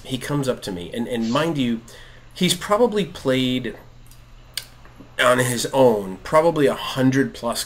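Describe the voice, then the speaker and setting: A man in his thirties chatting casually while gaming, telling stories with lots of laughter and acted-out quotes. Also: medium pitch. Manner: animated storyteller, acts out quotes, laughs often. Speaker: podcast co-host, father.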